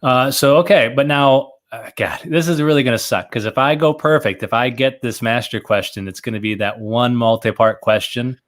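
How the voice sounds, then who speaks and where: Male quiz contestant, mid-pitched and easygoing, casual podcast talk. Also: moderate pace, hardly any pauses. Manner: easygoing, hesitant when unsure. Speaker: trivia contestant.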